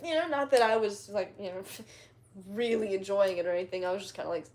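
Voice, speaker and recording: A woman's voice: medium pitch, a little fast, darkish tone. A young woman chatting casually with her followers, rambling in slang, laughing often and retelling stories dramatically. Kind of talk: casual chat.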